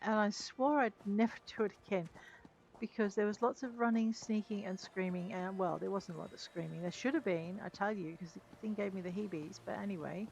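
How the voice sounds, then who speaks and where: Gravelly woman chatting through a game. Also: medium pitch, fairly even intonation, a little fast, a little mellow, slight background noise. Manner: chatty, self-mocking, talks to game characters. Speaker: let's play gamer. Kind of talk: casual gameplay commentary. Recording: dull lo-fi mic with game music.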